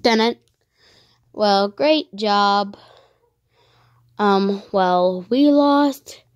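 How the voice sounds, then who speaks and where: A woman narrating her online game as she plays, excitable and easily frightened, giving running commentary. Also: mid-range voice, very slow, clear, resonant tone, no room sound, muffled recording. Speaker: gaming channel host. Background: dogs barking sometimes.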